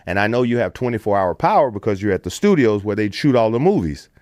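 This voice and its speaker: Middle-aged American man, podcast storyteller, very expressive pitch, dry close mic. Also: fast, dry recording. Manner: animated storyteller, puts on voices for quotes, swears freely. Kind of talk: casual storytelling.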